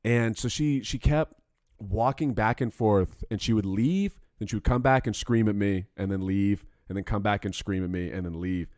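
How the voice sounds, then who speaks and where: A young man co-hosting a podcast in casual chat, telling stories in an animated, profane way. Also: lowish voice, normal speed, no room sound, studio quality. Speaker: podcast co-host.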